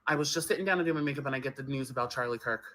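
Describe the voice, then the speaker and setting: A man rants into his phone camera in a fury, hammering the same phrases again and again. His voice sits fairly high and sounds bright and edgy. He swears hard and talks straight at the viewer. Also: racing, low-quality recording. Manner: furious, profane, repeating phrases. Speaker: social media poster. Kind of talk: angry rant to a phone camera.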